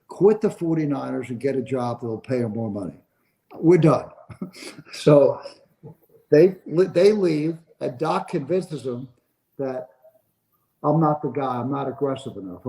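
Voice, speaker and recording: A man's voice: medium pitch, mellow, poor audio. An older man, a sports agent being interviewed on a podcast, telling a long story and acting out the dialogue of the people in it.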